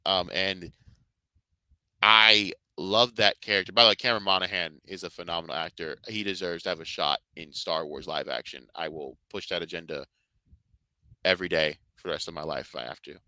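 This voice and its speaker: A man's voice: deep voice, steady tone, fairly quick, pushed and bright, dry recording, low-quality recording. A man reviewing games and shows in casual commentary, rambling and fervent, swearing heavily. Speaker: video game and Star Wars reviewer.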